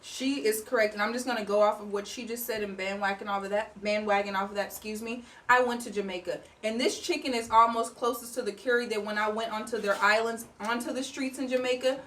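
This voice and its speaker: A woman's voice: mid-range voice, fairly even intonation, fast, few pauses, fairly bright tone. A woman winemaker chatting casually and with animation at a tasting, laughing and promoting her wines. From Kansas City. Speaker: winemaker guest. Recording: distant mic, faint room noise.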